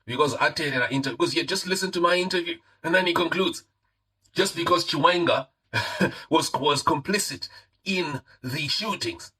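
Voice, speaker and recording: A Zimbabwean man delivers heated live-stream commentary, hammering his points home and slipping into Shona phrases. His fairly high voice is husky and forceful, with a tense, pushing edge. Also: moderate pace, low-quality recording. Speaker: online political commentator.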